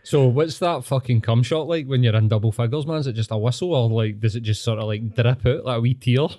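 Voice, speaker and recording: Laughing Scottish podcast host. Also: male voice, mid-range voice, a little fast, dark tone, no echo. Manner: laughing, crude banter. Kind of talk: casual chat.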